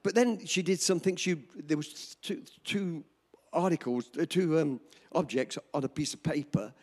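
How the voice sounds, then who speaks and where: A man in his seventies preaching a sermon, telling a personal story in an animated, chuckling way. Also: a little high, moderate pace. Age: 70s. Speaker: pastor.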